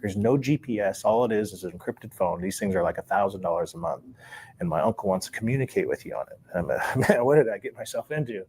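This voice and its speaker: A man's voice: on the low side, fast talker, slight background noise. A man, a former sports bookie, casually telling a long story and acting out the dialogue he recalls. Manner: relaxed, acts out quoted dialogue, chuckles between lines.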